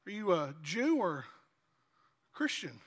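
A man voicing an overeager, excitable friendly man who gushes and shouts with delight. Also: sits high, takes it slowly, long reverb tail, full character voice. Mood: gushing excited.

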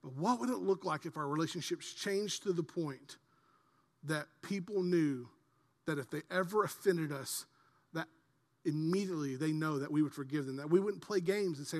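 A man, a pastor preaching a sermon in a large church, dropping to quiet earnest asides and rising to loud impassioned peaks. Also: fairly high pitch, moderate pace, big-room sound.

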